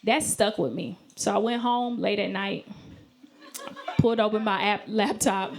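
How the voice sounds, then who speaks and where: A woman's voice: mid-range voice, measured pace. A woman performing a stand-up comedy set, telling brash stories and acting out voices with sudden shrieks. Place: comedy club stage with laughing audience. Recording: live club recording with audience noise.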